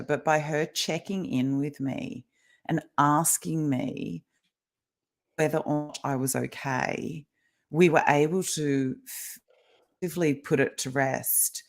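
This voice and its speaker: Chatty woman guest on a video call. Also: deep voice. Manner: talkative, explanatory, laughs often. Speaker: guest, kinesiologist and life coach. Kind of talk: casual interview chat.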